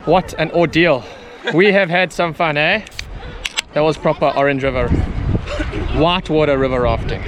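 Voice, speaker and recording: A man's voice: a little high, moderate pace, pauses often, background noise. A man chatting with his family outdoors on a river, often tagging "eh?" onto his lines. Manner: chatty, ends lines with a tag "eh?". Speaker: family vlogger, father. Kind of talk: casual chat on an outdoor trip.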